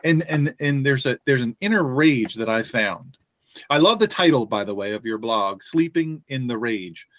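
A man hosting a faith-based podcast, talking earnestly with frequent restarts and pauses. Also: medium pitch, lively intonation, a bit bright, no room sound. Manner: earnest, halting with many restarts. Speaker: podcast host.

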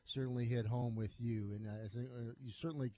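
Laid-back guy cohosting sports radio, warm mellow voice, ribbing his partner. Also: mid-range voice, steady tone, a little fast, no echo. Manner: easygoing, teases his co-host and reads listener comments. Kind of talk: casual sports talk radio. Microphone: studio microphone.

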